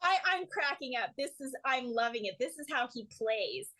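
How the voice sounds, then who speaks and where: A woman guest on an interview podcast who tells stories with gusto, laughing often and slipping into the voices of the people she quotes. Her voice sits a little high for a woman. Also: moderate pace, slight background noise, poor audio. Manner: animated storyteller, laughs often. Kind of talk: casual storytelling interview.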